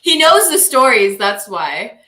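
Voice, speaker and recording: A woman chatting on a podcast, her voice bright and clear. She tells her stories with laughter, restarts and quick asides. The room around her sounds roomy and echoey. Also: a little high, slight background noise. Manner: laughing, animated storytelling with restarts. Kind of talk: casual chat.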